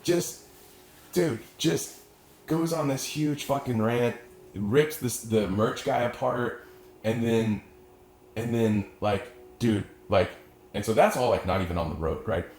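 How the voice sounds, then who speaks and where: This young adult man speaks slowly in a mid-range, slightly mellow voice, with a bit of background noise. He's a musician guest from the Austin area telling a long, rambling story in casual chat, swearing frequently and leaning on filler words, recorded in an echoey room with faint ambience.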